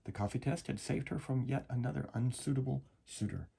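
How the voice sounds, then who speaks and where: A man reading a children's story aloud as a lesson, gentle and explaining. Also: medium pitch, brisk, vocal fry, husky. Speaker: reader.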